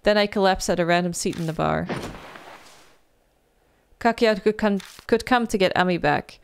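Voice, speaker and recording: A woman reading a visual novel aloud as she plays, breaking into loud, animated exclamations and swearing. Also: medium pitch, normal speed, gravelly, a little hiss or hum. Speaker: gaming video creator.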